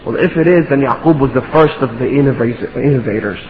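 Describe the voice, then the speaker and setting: A man's voice: mid-range voice, fairly quick, slight background noise. A man preaching a sermon, impassioned, building to pleading rhetorical questions. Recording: echoey hall, dull lo-fi sound.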